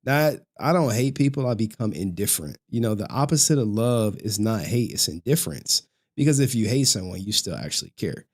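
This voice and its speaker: A man's voice: fairly low pitch, animated, a little fast. A young man ranting on a livestream, profane and mocking, often breaking into laughter. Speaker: streamer. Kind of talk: livestream rant.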